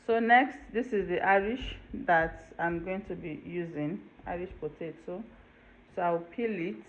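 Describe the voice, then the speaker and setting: A woman's voice: on the low side, unhurried. Woman walking you thru her cooking, chatty, keeps saying okay, kitchen hum in the back, kinda muffled audio. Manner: chatty step-by-step explaining, checks in with "okay?". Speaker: cooking channel host. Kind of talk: casual cooking tutorial. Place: home kitchen. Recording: dull lo-fi home video with faint room noise.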